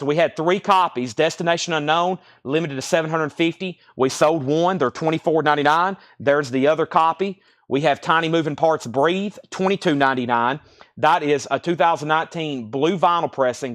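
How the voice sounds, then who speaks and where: Man, slightly higher voice, live-sale host, fast auction patter, a bit winded. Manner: rapid-fire listing of prices and bids. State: out of breath.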